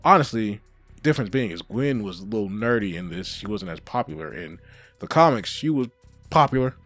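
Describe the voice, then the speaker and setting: A man giving a casual spoken review, animated and heavy on swearing, in a mid-range voice. The sound is dry and close, with faint music behind him. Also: medium pitch, dry recording. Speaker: show reviewer.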